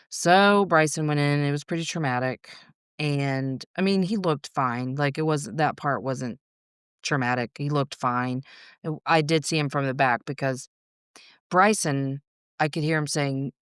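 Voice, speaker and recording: Her voice sits low and comes across smooth and clean on a close podcast mic in a dry, echo-free room. As a guest, she shares her story candidly, cursing freely and wandering off into quick, rambling tangents.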